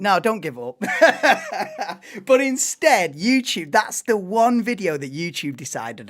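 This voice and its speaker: A man in his thirties hosting a live stream, ranting and laughing in casual chat. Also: sits high. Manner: ranting, laughing, animated banter. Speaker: livestream host.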